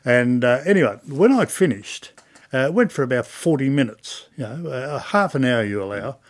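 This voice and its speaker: An older Australian man telling stories in an oral history interview, chatty and animated, acting out old conversations. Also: medium pitch, moderate pace. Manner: chatty storyteller, acts out dialogue.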